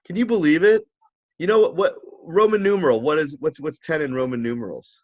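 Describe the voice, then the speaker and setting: A man's voice: fairly high pitch, a little fast, a little mellow, lo-fi sound. A man co-hosting a casual chat show, teasing and ribbing his friend. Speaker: co-host.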